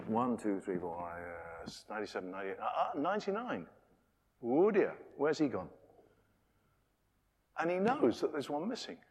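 A man preaching a sermon in a chatty, self-interrupting way, acting out little everyday scenes as he goes. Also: medium pitch. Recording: long reverb of a hall.

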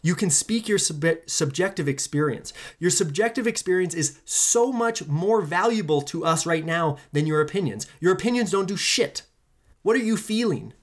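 Podcast host ranting solo, preachy and emphatic, repeats stuff over and over, swears casually, voice jumps high then low. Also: lively intonation, moderate pace. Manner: pitch and pace swing widely between lines. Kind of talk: impassioned solo podcast monologue.

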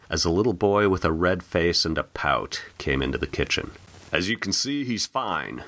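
A man reading his own short story aloud in an expressive, animated narration. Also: a bass voice. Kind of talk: audiobook narration.

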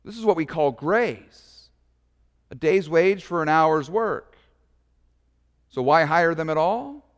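Conversational pastor with a high-ish voice. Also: male voice, slow, in a large hall. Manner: conversational, animated storytelling with asides. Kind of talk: sermon.

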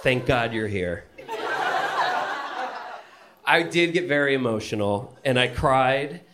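A man with a middle-pitched voice tells a personal story to a live audience. His delivery is animated and full of swearing, and he keeps breaking into laughter. The pitch swings high as the story heats up. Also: slow, very noisy. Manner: animated, profane, laughs through his telling.

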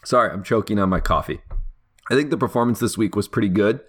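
Deep-voiced man rambling on a podcast. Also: quick pace, fairly bright tone. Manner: rambling, teasing, lots of fillers and restarts. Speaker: podcast co-host. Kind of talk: casual podcast chat about fantasy football.

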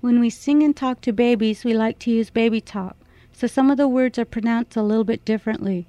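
A woman narrating a language lesson, explaining slowly and carefully. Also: fairly high pitch, warm tone, no echo. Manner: slow, measured explanation.

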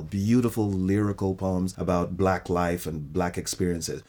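Deep-voiced thoughtful male director. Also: steady tone, a little slow, few pauses, darkish tone. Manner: thoughtful, reflective, restarts often. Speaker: theater director. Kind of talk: interview conversation.

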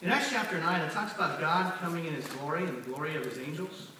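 High-voiced man preaching in an echoey hall. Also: animated, quick pace, background noise. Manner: conversational, asks the room for responses. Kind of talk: sermon. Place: church hall with congregation. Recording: echoey church hall from far off.

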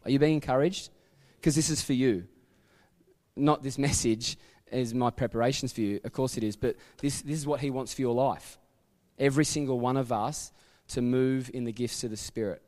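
In a church sanctuary, a man with an Australian accent preaches as the pastor, his voice medium-pitched and darkish at a moderate pace, trailed by a long reverb. He tells stories chattily, full of asides and self-corrections.

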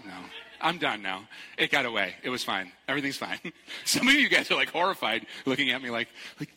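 A middle-aged pastor telling a story in a relaxed sermon, joking and putting on squeaky excited voices. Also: male voice, brisk. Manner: playful, animated storytelling with jokes and high-pitched quoted voices. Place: large church hall. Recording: long hall reverb.

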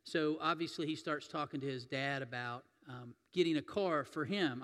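A man's voice: medium pitch, fairly quick, fairly bright tone. A man preaching a sermon as pastor, telling folksy stories and acting out the voices in them. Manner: folksy storytelling, acts out quoted voices. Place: church sanctuary. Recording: long hall reverb.

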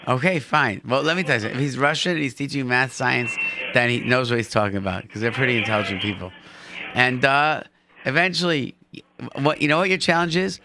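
A man's voice: mid-range voice, quick pace, noisy background. A man hosting a call-in radio show, chatty and encouraging, often repeating his phrases.

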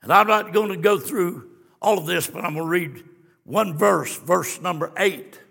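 Gravelly high-voiced preacher in a hall. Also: male voice, moderate pace. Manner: swings from hushed storytelling to shouted exclamations. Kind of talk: fiery sermon. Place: church sanctuary. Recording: long church reverb.

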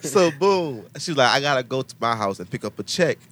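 A young man telling a long story in casual chat, slangy and animated, acting out the people he quotes. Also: mid-range voice, fairly quick. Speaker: podcast guest telling a story.

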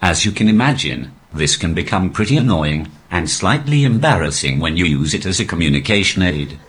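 A male comedian's stand-up comes through a posh, robotic synthetic voice that sits very deep. The delivery stays deadpan and evenly paced, yet the pitch rises and falls in lively swings. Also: a little fast, slightly rough. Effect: synthetic text-to-speech voice. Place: live comedy venue.

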